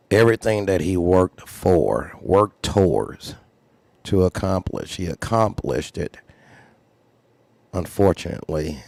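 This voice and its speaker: A man's voice: sits low, creaky, a little mellow, no room sound. A man who hosts a trucking channel, talking unscripted with earnest, preachy advice and repeated phrases. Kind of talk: unscripted livestream talk.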